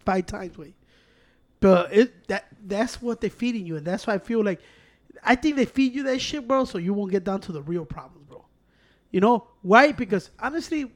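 Loud profane man with a high voice. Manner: animated, profane, slips between English and Spanish. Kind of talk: casual banter.

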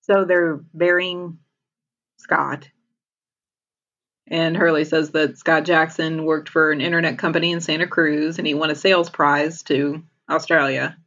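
A woman's voice: sits low, little pitch movement, a little slow, fairly bright tone, dull audio. A woman casually retelling a TV episode as a podcast co-host, laughing often as she talks.

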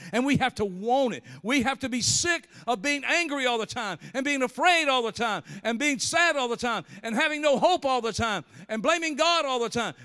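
Man, pastor preaching, high animated voice, long hall reverb. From Southern US. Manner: storytelling preacher with big swings in pitch and volume. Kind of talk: sermon.

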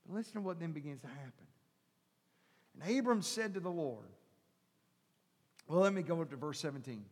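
A male pastor preaching a sermon, shifting from quiet teaching to loud shouted preaching and calling the listeners brother and sister. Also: a little high, animated, moderate pace, breathy edge. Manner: calls the congregation brother and sister. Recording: long hall reverb.

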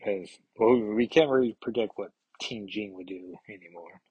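A man's voice: on the low side, normal speed, breathy edge, dry recording, dull audio. A man hosting a podcast, chatting casually and hesitantly, with many fillers and restarts. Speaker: comics podcast host.

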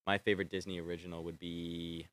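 A young man vlogging in a casual, rambling way, excitable and swearing freely as he trails off and restarts his sentences. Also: sits low, quick pace, no room sound. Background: faint film score playing.

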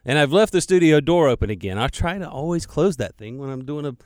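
A man's voice: on the high side, animated, quick pace, hardly any pauses, darkish tone, a little hiss or hum. A man producing a radio show, chatting casually and digressing as he records a podcast alone in the studio. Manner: chatty, digressive, self-deprecating, repeats words. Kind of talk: rambling casual monologue. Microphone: studio microphone.

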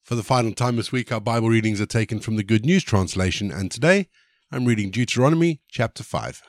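A man hosting a devotional podcast, reading a Bible passage aloud in a measured, steady way. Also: fairly low pitch, no room sound, clean studio sound. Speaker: podcast host reading scripture.

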